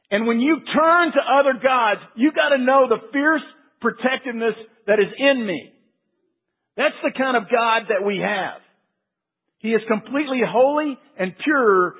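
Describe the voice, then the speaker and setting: A man preaching a sermon as a pastor, earnest, swinging between quiet emphasis and raised declarations. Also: very high-pitched, slightly rough. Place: large church sanctuary. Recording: phone-like sound with long hall reverb.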